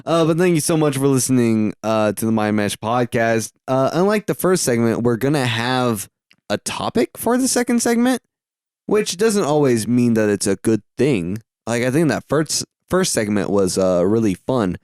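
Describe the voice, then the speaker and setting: A man's voice: mid-range voice, big pitch swings, moderate pace, darkish tone, clear, resonant tone, no echo, clean studio sound. A man from the southern United States hosting a podcast, chatting casually in a rambling, self-correcting way and swearing now and then. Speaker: podcast host.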